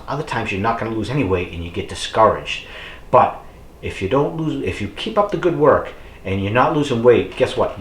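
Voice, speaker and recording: Middle-aged male vlogger, low-pitched and chatty, filler-heavy pep talk, reverberant room. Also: slight background noise. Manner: chatty and rambling, with many fillers; encouraging, addresses viewers as folks. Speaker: fitness vlogger. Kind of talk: casual motivational talk to camera.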